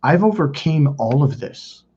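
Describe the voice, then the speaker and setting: A man's voice: fairly high pitch, lively intonation, dark tone, dull audio, slight background noise. A man hosting a self-help video, telling personal stories in a blunt, profane, casual way. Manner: blunt and profane, quick asides. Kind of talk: casual confessional storytelling.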